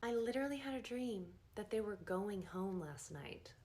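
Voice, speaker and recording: A woman nurse telling a story in a casual first-person way, animated and acting out the dialogue. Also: moderate pace. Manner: animated, acts out quoted dialogue with big pitch jumps.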